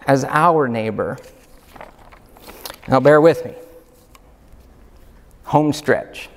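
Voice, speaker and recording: A man, a pastor preaching a sermon in a church hall, emphatic and full of rhetorical questions. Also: fairly high pitch. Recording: long hall reverb.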